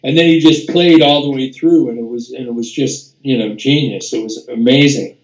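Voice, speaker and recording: A man's voice: medium pitch, normal speed, darkish tone, lo-fi sound. An older man, a music producer, telling casual anecdotes as an interview guest, rambling with restarts, fillers and swearing. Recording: roomy echo.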